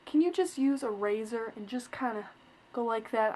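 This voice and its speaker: A teenage girl vlogs to her webcam about a bad experience, her voice sitting a touch high. She rambles in a chatty way with plenty of "like," slipping into quoted voices and sounding increasingly exasperated. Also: a little fast, a little mellow. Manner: chatty, retells scenes with quoted voices, lots of "like"; exasperated, complaining. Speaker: vlogger. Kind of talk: casual storytelling vlog.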